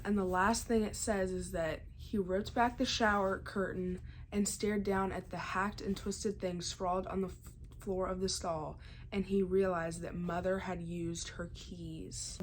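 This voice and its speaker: Chatty young female book vlogger, mid pitch, casual recap with filler words, faint home ambience. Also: fairly even intonation, moderate pace, slight background noise, low-quality recording. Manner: chatty, many likes and ums, quotes characters in a lightly shifted voice. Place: home, by a fireplace.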